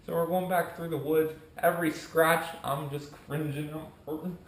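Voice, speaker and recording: There's a slight hiss or hum as a young man with a voice on the high side, at a moderate pace, vlogs from an echoey room. New to his channel, he rambles animatedly and acts out his friends' quotes.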